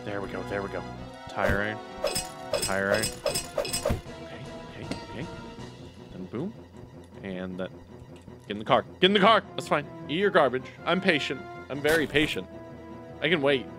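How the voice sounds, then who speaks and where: A man giving excitable let's play commentary, reacting loudly to a game as he plays. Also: medium pitch, moderate pace, long pauses, music in the background. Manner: excitable, yelps and shouts at the game. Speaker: gaming YouTuber.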